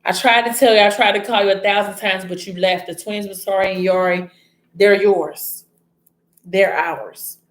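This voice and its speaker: A woman's voice: mid-range voice, fairly even intonation, moderate pace, lightly acted. A woman voicing a hurt young woman who earnestly confesses to her ex, in an echoey room.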